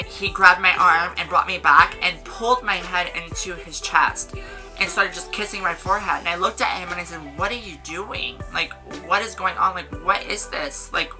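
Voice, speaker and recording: A young woman telling a casual storytime on her vlog, animated, swearing and saying "like" a lot. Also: lowish voice, rough recording. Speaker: vlogger.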